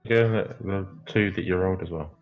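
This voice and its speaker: A man's voice: low voice, a little fast, soft background music. A man narrating a tabletop game as dungeon master, hesitant and full of fillers. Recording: muffled lo-fi stream audio.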